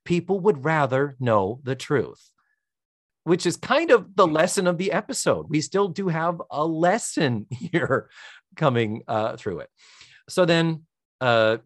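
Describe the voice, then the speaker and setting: A man's voice: mid-range voice, no echo, studio quality. A man co-hosting a podcast, casually recapping a TV episode and playfully acting out the characters' lines. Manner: lively retelling, acting out quoted lines with laughs. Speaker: podcast co-host.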